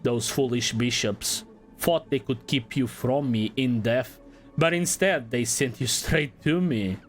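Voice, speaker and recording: A man voicing an ancient imprisoned male god in a slow, solemn, drawn-out delivery. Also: mid-range voice, faint music behind, lightly acted. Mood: ominous.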